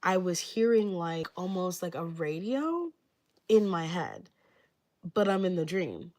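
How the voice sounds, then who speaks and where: A woman's voice: on the low side, animated, measured pace, a little mellow. A young woman telling a story on a livestream in a rambling, casual way, filling nearly every phrase with "like". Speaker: livestreamer giving readings.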